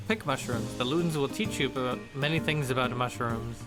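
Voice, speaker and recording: Male streamer, playful, mid-pitched, reading game text over music. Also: brisk. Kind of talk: casual gameplay commentary.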